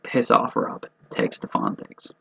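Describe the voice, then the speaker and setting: A man's voice: unhurried, a bit bright. A man hosting casual fantasy football commentary in a joking, rambling and profane way. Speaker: host of a fantasy football mock draft video. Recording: dull lo-fi recording.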